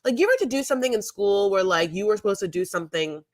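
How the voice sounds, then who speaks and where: A woman's voice: medium pitch, lively intonation, racing, no room sound. Ramble it out like a chatty woman in her forties, swearing freely, close and dead-dry on the mic. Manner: rambling, profane, digressive. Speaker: podcast co-host. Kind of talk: casual chat.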